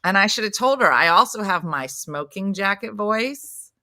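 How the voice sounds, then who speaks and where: Middle-aged woman chatting, bright lively voice, real dry close sound, jumps all over in pitch. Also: moderate pace, dry recording. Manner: animated storyteller, playful voice shifts. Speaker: podcast co-host. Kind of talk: casual chat.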